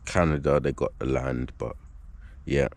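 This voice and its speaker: A man's voice: rumbling low, steady tone, a little slow. A man talking casually to his own camera, rambling and profane. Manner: rambling and profane, full of "like" and "you know what I mean". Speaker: video blogger. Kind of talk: casual vlog monologue.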